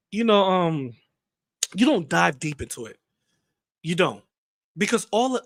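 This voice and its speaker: A man's voice: sits high, fairly bright tone, dry recording. A man hosting a commentary channel, ranting bluntly and heatedly, swearing freely.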